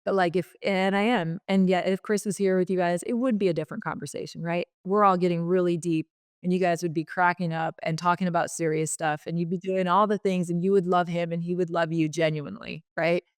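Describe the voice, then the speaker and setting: A middle-aged woman recounts memories of her family in an emotional, unhurried way, pausing often with fillers and restarts. Her voice sits low and smooth and clear. The sound is dry and close, with no room around it. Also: fairly even intonation, no room sound. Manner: heartfelt, halting, many fillers and restarts. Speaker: podcast guest. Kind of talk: emotional personal storytelling.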